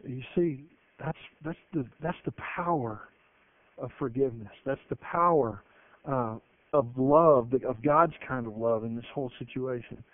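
A man's voice: mid-range voice, unhurried. A man preaching a sermon, emphatic and telling stories with energy. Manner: emphatic, with animated storytelling. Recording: narrow phone-like broadcast sound, dry.

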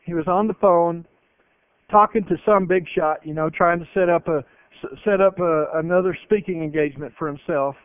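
A man's voice: fairly high pitch, moderate pace, clean tone, no echo. A man preaching a sermon, emphatic and telling stories with energy. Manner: emphatic, with animated storytelling. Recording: narrow phone-like broadcast sound, dry.

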